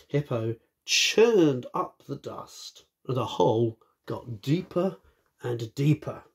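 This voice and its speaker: A man reading a children's storybook aloud, stopping for friendly asides to his young listeners. He speaks slowly, and his voice is gravelly and a little husky, with a lively, swooping pitch.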